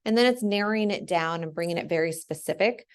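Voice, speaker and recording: A woman's voice: on the low side, quick pace, clean tone. A young woman teacher talking through an essay outline on screen, chatty and full of ums and "right?". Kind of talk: casual screen-share lesson.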